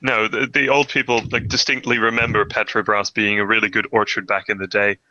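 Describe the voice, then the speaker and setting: A man's voice: fairly low pitch, little pitch movement, a little fast, bright, forceful tone, lo-fi sound, slight background noise. A young man running a tabletop game as game master, who narrates with many hesitations and restarts.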